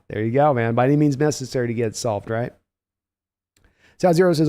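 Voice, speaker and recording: A man's voice: medium pitch, expressive, fast, darkish tone. A man hosting a casual live-stream podcast, reading viewer comments aloud and answering them offhand. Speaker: podcast host.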